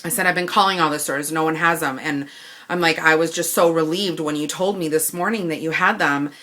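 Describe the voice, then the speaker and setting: Bright-voiced Midwestern woman ranting. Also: deep voice, brisk. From Wisconsin. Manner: animated retelling, acting out both sides of the dialogue. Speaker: vlogger. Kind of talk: ranting story to camera.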